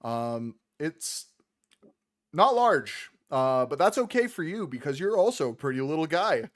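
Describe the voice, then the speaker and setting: A man narrating as game master of a tabletop game, relaxed, with many ums and uhs. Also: a little high, measured pace.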